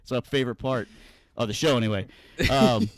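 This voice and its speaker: A man's voice: mid-range voice, a little fast, no echo, clean studio sound. A man hosting a casual soccer podcast, loose and goofy, cracking jokes and laughing easily. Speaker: podcast host.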